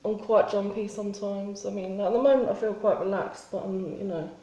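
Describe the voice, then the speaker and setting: A woman talking in a spontaneous confessional vlog, halting and rambling with many restarts and fillers. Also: medium pitch, steady tone, mellow, echoey room, rough recording. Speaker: vlogger.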